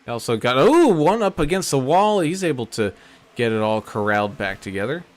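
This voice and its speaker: A man doing relaxed play-by-play commentary for an online sim race, folksy and full of filler words. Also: mid-range voice, a little fast.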